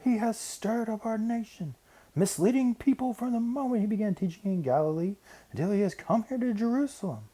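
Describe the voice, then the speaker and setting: A man voicing an angry crowd in a Bible story, shouting high and strained. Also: expressive, brisk. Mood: furious.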